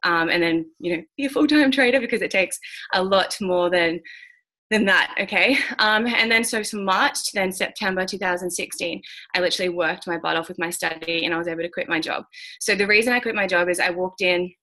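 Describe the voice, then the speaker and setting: Blunt woman, bright lower voice. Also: a little fast. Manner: frank and blunt, swears, many fillers. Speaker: guest speaker mentoring traders. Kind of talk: candid motivational talk on a call.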